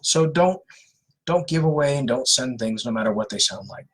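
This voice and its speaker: A man from California talks through a live question-and-answer session in a loose, earnest way, often restarting his sentences. His voice has a slightly husky edge at a middle pitch. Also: animated, normal speed, rough recording. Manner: earnest, conversational, many fillers and restarts. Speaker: host of anti-scam live Q&A. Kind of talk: casual live-stream advice.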